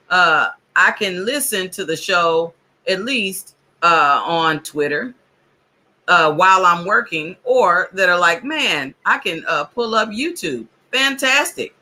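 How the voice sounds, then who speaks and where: A woman co-hosting a podcast in casual chat, unhurried as she runs through channel reminders. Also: lowish voice, animated, bright, forceful tone. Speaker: podcast co-host.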